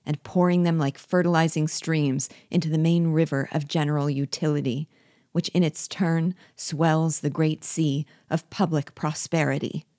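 A woman reading the part of a timid, terrified male prisoner who pleads and flatters in flowery words. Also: sits low, normal speed, dry recording, clean studio sound, close to an everyday voice. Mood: flattering.

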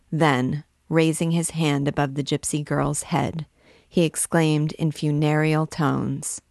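A woman reading a classic novel aloud in a measured, dramatic way. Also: deep voice, level tone, gravelly, a little mellow, no echo, clean studio sound. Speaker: book reader and guide.

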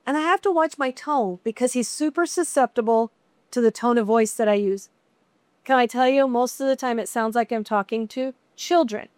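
A middle-aged woman teaching a women's Bible study in a chatty, conversational way with animated asides. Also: fairly high pitch, normal speed, no room sound.

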